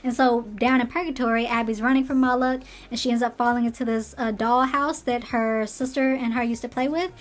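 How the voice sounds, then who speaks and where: A slightly hoarse woman chatting animatedly through a casual rant recapping a TV show, acting out the characters' lines as she goes. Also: fairly high pitch, steady tone, a little fast, hardly any pauses. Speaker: show commentator.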